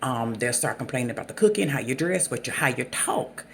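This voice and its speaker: A host with a Southern US accent and a gravelly, creaky voice talks to camera without a script. The speech is halting and full of fillers and restarts, at a middle pitch. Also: animated, a bit bright, a little hiss or hum. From Southern United States. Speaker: channel host. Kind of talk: unscripted talk to camera.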